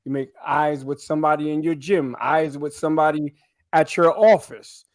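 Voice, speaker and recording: A man with a slightly high voice tells blunt stories on a casual podcast panel. His sound is dry and close to the mic, with no room around it. He keeps checking in with his listeners as he talks. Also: moderate pace, no room sound. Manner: blunt storytelling, frequent "you know what I'm saying".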